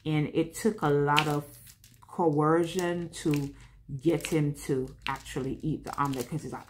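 A woman's voice: sits low, steady tone, measured pace, slight background noise. A woman hosting a home vlog, chatting casually and candidly while she crafts, rambling and talking to herself as she works. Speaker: vlog host.

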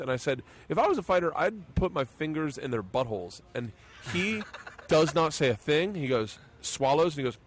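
A middle-aged man hosting a podcast, telling crude stories with a voice that jumps around a lot and sits a little high for a man. He acts out what people said with big swings in tone. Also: normal speed, slight background noise. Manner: profane, animated storytelling with acted-out quotes. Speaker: podcast host and comedian. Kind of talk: casual podcast storytelling.

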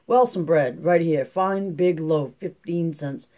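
A man's voice: fairly high pitch, slow pace, darkish tone. Man voicing a sly, giggly store clerk. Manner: giggly, sly, glib drawl.

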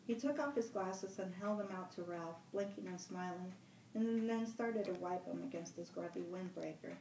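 Woman library director reading a novel aloud, steady, echoey and distant. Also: lowish voice, normal speed, slight background noise. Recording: roomy room, mic at a distance.

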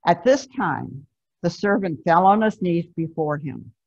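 Over a video call, a woman pastor preaches a sermon in a conversational, emphatic storytelling style. Her voice is on the low side and creaky, animated though a little slow, and the video-call recording sounds dull and lo-fi.

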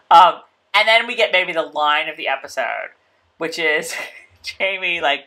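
A woman's voice: low-pitched, unhurried, bright, forceful tone. A woman co-hosting a casual show recap, chatty and full of "like" and laughter. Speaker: podcast co-host.

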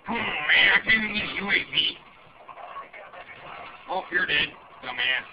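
A man's voice: sits high, expressive, moderate pace, creaky. A man playing a crude, cursing redneck gamer who grumbles a running commentary while he plays. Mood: grumbling. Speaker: gamer character in a comedy skit. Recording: muffled lo-fi home recording with loud background noise.

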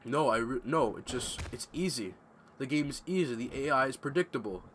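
A man's voice: mid-range voice, lively intonation, a little fast, fairly bright tone, a little hiss or hum. A young man giving casual, ranting gameplay commentary at home, swearing freely. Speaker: gamer commentator. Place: home room.

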